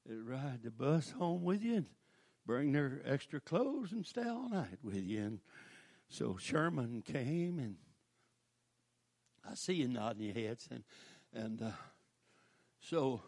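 An older man, preaching a folksy storytelling sermon that breaks into shouted praise. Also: medium pitch, sing-song, slow, pauses often.

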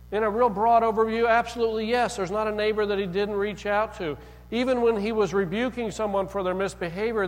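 A man's voice: high voice, long reverb tail, rough recording. A man preaching a sermon as pastor, in a conversational way, telling stories and acting out quotes. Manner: conversational, storytelling with acted quotes.

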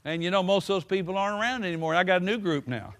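High-voiced preacher man. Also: expressive, a bit bright. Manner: folksy preaching, drawn-out emphasis, frequent "hallelujah". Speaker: pastor. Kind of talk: sermon.

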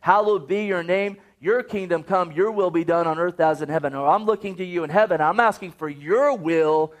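A man's voice: sits high, normal speed. A man preaching a sermon, earnest and urging, often quoting scripture.

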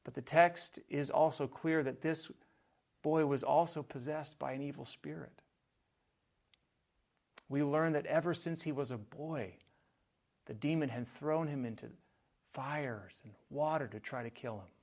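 Slow, measured man preaching a sermon. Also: on the high side. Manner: measured preaching, dropping soft on key phrases. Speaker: pastor.

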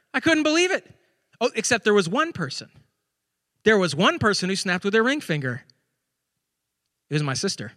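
A male pastor in his forties telling chatty, animated personal stories during a sermon. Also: very high voice, dry recording, studio quality, in a large hall.

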